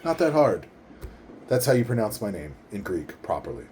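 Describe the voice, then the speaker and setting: Low-voiced man carefully enunciating a word. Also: sing-song, mellow, slight background noise. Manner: enunciates carefully, repeats words slowly syllable by syllable. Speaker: vlogger teaching name pronunciation. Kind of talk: casual explanatory talk to camera. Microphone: leans in toward microphone.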